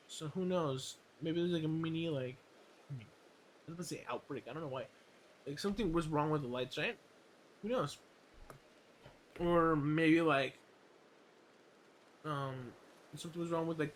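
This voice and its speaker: A man's voice: fairly high pitch, slight background noise. A man streaming a game, chatting casually in a rambling, joking way with lots of fillers.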